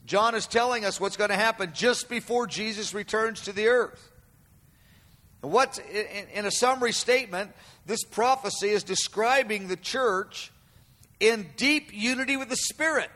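High bright-voiced male preacher. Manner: emphatic, repeats phrases, swells loud and slow on quoted cries. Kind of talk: sermon. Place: room with an audience. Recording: long hall reverb.

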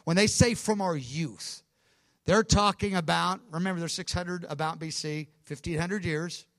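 A man preaching a Bible teaching, fervent and emphatic, with quick asides and self-corrections. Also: fairly high pitch, steady tone, fairly bright tone, dry recording. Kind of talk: sermon-style Bible teaching.

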